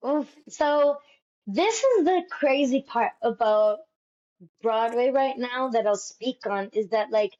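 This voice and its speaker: A Broadway actress telling stories in a casual interview, animated and peppering her talk with "like". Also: on the high side, slow. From United States. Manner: animated, fills speech with "like". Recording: dull lo-fi sound.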